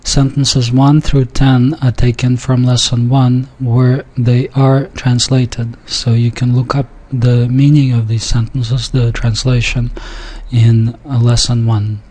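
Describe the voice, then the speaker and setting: A man teaching a pronunciation lesson, speaking deliberately and repeating words with pauses and small restarts. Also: mid-range voice, little pitch movement, a little mellow, low-quality recording. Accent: speaks a Yiddish dialect. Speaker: language teacher. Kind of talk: slow classroom-style pronunciation lesson.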